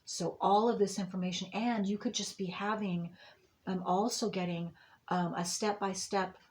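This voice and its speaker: Woman doing her monthly reading, rambly, lots of ums, soothing, medium pitch. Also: fairly even intonation, moderate pace, darkish tone. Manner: meandering, rambling with many fillers and restarts. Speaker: astrology and tarot reader. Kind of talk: monthly intuitive reading to viewers.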